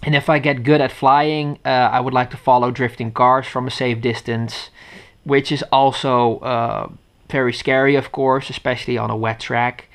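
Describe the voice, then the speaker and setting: Dutch-accented man, smooth resonant mid-pitched voice, off-the-cuff rambling vlog review, head-mounted camera mic. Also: little pitch movement, moderate pace. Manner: rambling, with many fillers and restarts. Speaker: tech reviewer. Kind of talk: unscripted casual review. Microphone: head-mounted action camera.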